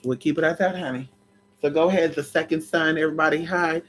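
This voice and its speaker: A spiritual vlogger chatting casually to viewers in a sassy, dramatic way, swooping up and down in pitch and breaking into laughs and shouts. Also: steady tone, fast, a little hiss or hum. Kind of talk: casual livestream chat.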